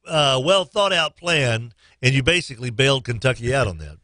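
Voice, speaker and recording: Male sports talk host, excitable, springy pitch, crisp and dry in the studio. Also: moderate pace, no echo. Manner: excitable, jumps into high shouted impressions. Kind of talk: casual sports talk radio.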